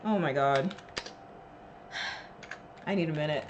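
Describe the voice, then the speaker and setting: A woman's voice: on the high side, lively intonation, normal speed, pauses often, a little hiss or hum. A woman streamer chatting casually with her live chat, emotional and laughing, thanking viewers with lots of fillers.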